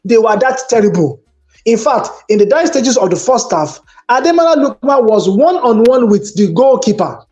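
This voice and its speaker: A man's voice: very high-pitched, very animated, moderate pace, a little mellow, muffled recording, faint music behind. A man, debating football as a pundit and telling stories with emphatic exasperation. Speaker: sports pundit. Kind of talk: animated sports debate.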